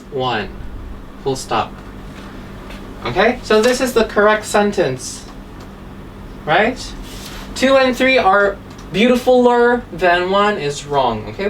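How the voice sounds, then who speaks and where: A woman teaching an English grammar lesson, patiently spelling words letter by letter and checking in with "okay?" after nearly every line. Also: mid-range voice. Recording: distant mic, faint room noise.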